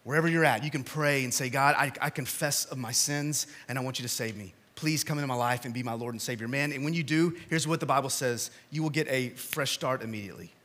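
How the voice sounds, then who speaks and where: A male pastor preaching a sermon in a church, telling stories with big swings from shouting to quiet appeals. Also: medium pitch, fast, few pauses.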